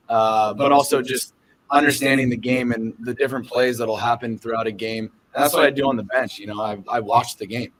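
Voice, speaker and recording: A man's voice: mid-range voice, fairly bright tone, a little hiss or hum, low-quality recording. A young man from Southern California, a professional baseball catcher, answering questions earnestly in a casual podcast interview, with lots of fillers and restarts.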